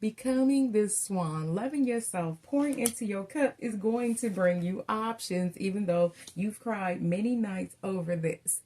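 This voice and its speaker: A woman's voice: mid-range voice, a little slow, few pauses, warm tone. A woman doing a casual tarot reading, telling stories in a chatty way and calling her viewers y'all. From Southern United States. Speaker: tarot reader.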